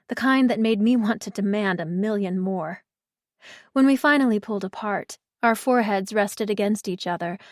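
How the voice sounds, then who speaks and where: The narrator is a woman reading a first-person audiobook at a measured pace, expressively and at medium pitch. Her voice comes across close and dry, with no echo at all.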